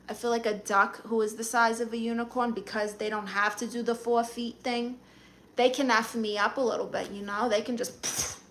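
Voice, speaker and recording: A woman's voice: a little high, fairly bright tone, slight background noise. A woman from Brooklyn with a New York accent, casually chatting on a live stream and firing sassy comebacks at viewers. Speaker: comedian live-streamer reading chat.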